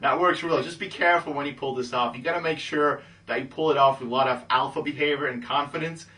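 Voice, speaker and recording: A man coaching listeners on dating in a confident, matter-of-fact monologue, ending almost every point with a low "okay?". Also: steady tone, fast talker, bright, forceful tone, far from the mic. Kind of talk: instructional monologue.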